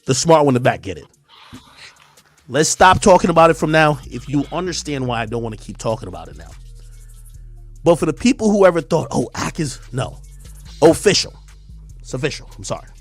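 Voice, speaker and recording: A man's voice: a little high, big pitch swings, fairly quick, pauses often, faint music behind. A man on a stream, ranting in a defiant, emphatic way and repeating his points. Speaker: streamer commentator. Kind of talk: heated livestream rant.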